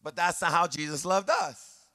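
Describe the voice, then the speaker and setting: A male pastor delivers an impassioned sermon in a high, bright, ringing voice. He repeats phrases for emphasis and lifts his lines into a sung, rhythmic preaching cadence. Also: sing-song, normal speed, no echo, clean studio sound.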